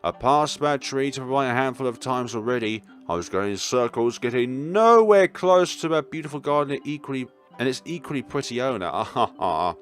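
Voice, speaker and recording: A young man reading a visual novel aloud, throwing in animated asides and jokes. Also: medium pitch, fairly quick, few pauses, faint music behind. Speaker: gaming YouTuber.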